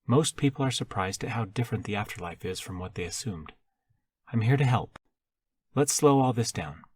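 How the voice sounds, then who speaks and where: A man voicing a calm, almost cheerful woman who guides the dead through the afterlife, in an audiobook. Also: lowish voice, normal speed, husky, voice pushed up. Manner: calm, patient, gentle.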